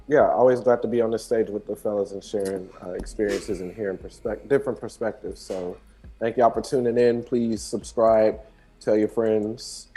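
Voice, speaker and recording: A man's voice: fairly low pitch, warm tone, slight background noise. A man from Texas co-hosting a podcast, giving a laid-back, friendly sign-off. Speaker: podcast co-host. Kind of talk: casual sign-off.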